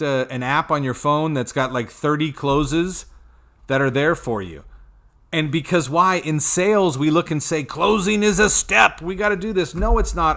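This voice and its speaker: A man coaching a sales team in a loose, talky way, with a voice that sits a little above most men's. He plays out both sides of customer conversations and keeps checking in with "right?" and "okay?". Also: fairly high pitch. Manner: animated, acts out customer dialogue, frequent "right?" and "okay?". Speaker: sales trainer. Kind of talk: casual sales coaching talk.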